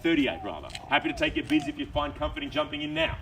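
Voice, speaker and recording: Aussie auctioneer guy rattling off bids fast, mic far off, street noise behind. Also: a little high, wildly swooping pitch, gravelly, fairly bright tone. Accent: Australian. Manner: fast, persuasive auction patter with repeated bid calls. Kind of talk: live property auction calling. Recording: distant outdoor mic with background noise.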